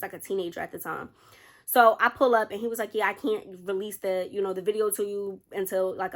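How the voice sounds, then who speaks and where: Young woman spilling a storytime vid, bright voice, animated, keeps saying y'all. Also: medium pitch. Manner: animated, addresses viewers as y'all, quotes others. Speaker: storytime vlogger. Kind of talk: casual storytelling to camera. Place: indoors under a studio light.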